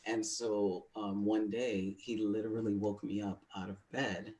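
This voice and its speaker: A man's voice: fairly low pitch, level tone, measured pace, dark tone. A man co-hosting a webinar, telling a personal story in a frank, confiding way with plenty of fillers. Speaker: webinar co-host.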